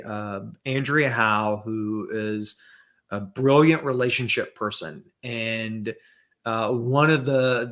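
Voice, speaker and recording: Male guest, bright clear tone, reflective pace, lots of "uh" and restarts, video-call sound. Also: medium pitch. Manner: thoughtful, halting with many fillers and restarts. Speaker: podcast guest. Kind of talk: casual conversation.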